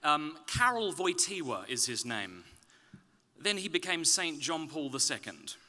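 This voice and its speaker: A man from Australia with a softened, slightly British-leaning Australian accent, giving a conference talk with self-deprecating jokes before turning earnest and explanatory. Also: on the high side, very animated, measured pace. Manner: joking, then earnest and explanatory. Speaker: speaker. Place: conference stage.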